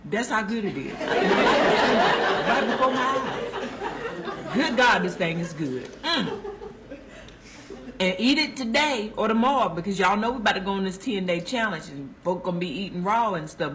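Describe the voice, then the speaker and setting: A woman speaks in a mid-range voice against a noisy background as she films herself in a car. As a food vlogger doing a casual selfie review, she gushes over a sandwich with preacher-like zeal and talks with her mouth full.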